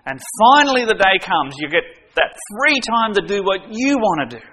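A man's voice: sits high, big pitch swings, normal speed, sharp tone, slight background noise. A man preaching a sermon, earnest, making his points with everyday stories and direct questions to the congregation.

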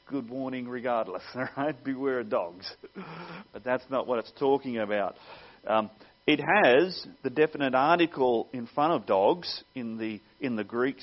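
A man preaching a sermon, earnest and teaching, with wry asides. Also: medium pitch. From Australia. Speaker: pastor. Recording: dull lo-fi sound.

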